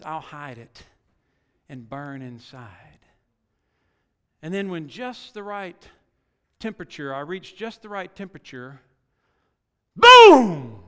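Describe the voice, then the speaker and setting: A middle-aged man preaching a sermon in a folksy way, full of rhetorical questions and swinging from quiet asides to loud exhortation. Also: a little high, animated, a little slow, long pauses, clean tone. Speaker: pastor. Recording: long reverb of a large hall.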